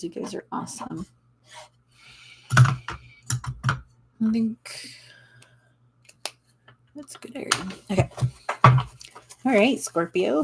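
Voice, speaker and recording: A woman's voice: medium pitch, vocal fry, heavy background noise. A young woman giving a casual tarot reading, rambling and searching for words with many fillers and little laughs. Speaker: tarot reader.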